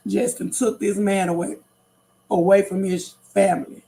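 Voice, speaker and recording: A middle-aged woman with a gravelly, creaky voice chats on a casual livestream. She talks straight to her viewers, repeating her points with emphasis. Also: medium pitch, fairly even intonation, moderate pace, warm tone, a little hiss or hum. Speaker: livestream host.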